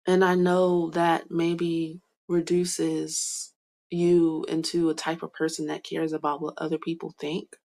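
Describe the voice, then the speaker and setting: A young woman giving a soft, hesitant spiritual card reading, full of fillers and whispered asides. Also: deep voice, flat delivery, unhurried, gravelly. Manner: whispers names to herself while reading cards. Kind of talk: slow meandering card reading monologue.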